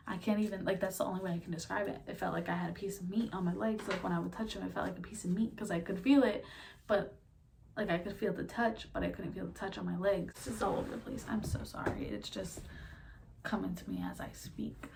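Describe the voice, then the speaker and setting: Young female vlogger, gravelly fry, emotional storytime, recorded from a distance with faint room noise. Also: medium pitch, steady tone, quick pace. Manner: rambling, filler-heavy, tearful at times. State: emotional, near tears.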